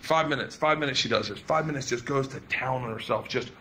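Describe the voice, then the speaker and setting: A man doing stand-up, telling a rambling, crude story in an animated way. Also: mid-range voice, brisk. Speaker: stand-up comedian. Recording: loud noise over live room.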